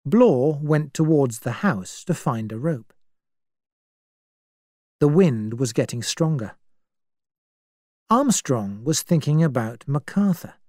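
A man reading a story aloud in a clear, measured way. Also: medium pitch, lively intonation, dark tone, no echo, clean studio sound. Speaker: narrator. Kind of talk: scripted storybook narration.

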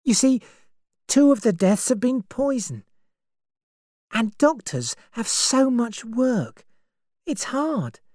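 A woman reading an audiobook, voicing an anxious, thoughtful young woman in a high breathy tone. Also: sing-song, slow pace, pauses often, dark tone, dry recording, clean studio sound, heavily acted. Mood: reasoning. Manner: worried, reasoning aloud.

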